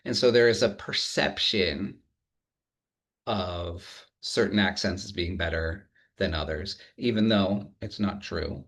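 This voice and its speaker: A man with a somewhat low voice, lecturing in a relaxed, good-humored way. He pauses often and restarts phrases as he thinks aloud. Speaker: university lecturer. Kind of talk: academic lecture.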